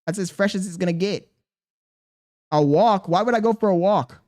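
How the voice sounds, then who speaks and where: A young man livestreams to his chat in a high, darkish voice at normal speed. He talks casually but defensively, rambling and firing questions back at his viewers.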